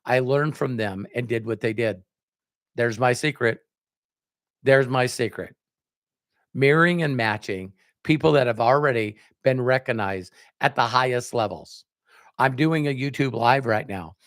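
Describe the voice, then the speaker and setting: Animated man telling a motivational story. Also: normal speed, dry recording, clean studio sound. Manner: acts out quoted dialogue with jumps in pitch. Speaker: network marketing speaker.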